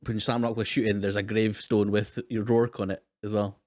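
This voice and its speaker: A man's voice: fairly low pitch, level tone, a little fast, darkish tone, no room sound, clean studio sound. A man co-hosting a film podcast, chipping in with brief, playful asides. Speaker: podcast co-host. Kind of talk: casual film discussion.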